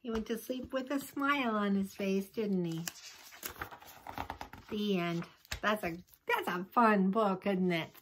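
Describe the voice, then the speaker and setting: A woman's voice: mid-range voice, a little slow, pauses often, background noise. A woman, a teacher, reading a picture book aloud to children and chatting with them about the pictures. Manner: chatty asides to young listeners.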